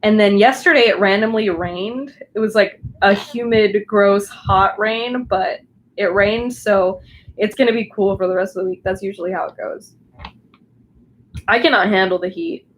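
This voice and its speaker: A woman's voice: medium pitch, normal speed, a little hiss or hum, low-quality recording. Chatty young woman with a Southern Californian accent. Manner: chatty, rambling, many likes and restarts. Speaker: crafting livestreamer. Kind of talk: casual live chat while crafting.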